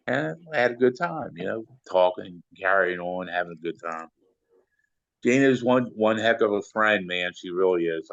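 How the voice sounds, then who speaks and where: A man's voice: mid-range voice, no echo, lo-fi sound. Rambling older man telling stories. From Maryland. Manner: rambling, full of "you know" fillers. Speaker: interview guest, sound engineer. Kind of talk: casual storytelling.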